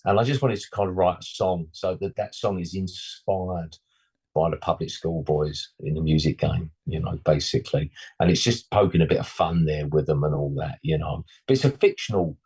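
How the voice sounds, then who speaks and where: Deep rough-voiced bloke in his 60s, rambles on, says you know a lot. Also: fairly quick, a little mellow. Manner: rambling, full of "you know", blunt slangy asides. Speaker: musician guest. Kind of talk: casual interview chat.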